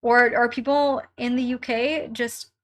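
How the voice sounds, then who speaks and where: A woman's voice: fairly high pitch, fairly even intonation, measured pace, a bit bright. A young woman hosting a casual live stream from home while crafting, chatting with viewers and reading their comments aloud in a bubbly way, laughing often.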